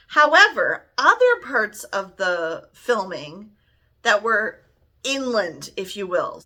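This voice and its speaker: A woman's voice: medium pitch, pushed and bright. A middle-aged woman giving a casual, rambling movie review, laughing often as she talks.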